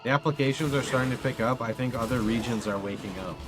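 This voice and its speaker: A man's voice: medium pitch, fast talker. A man streaming a game live, chatting casually and answering viewer questions. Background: background music.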